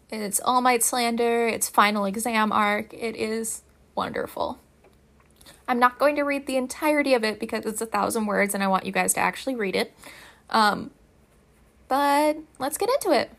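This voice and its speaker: A woman's voice: on the high side, moderate pace, vocal fry, fairly bright tone. A woman casually reading a fan story aloud, chatty, emphatic and swearing freely. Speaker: fanfiction reader.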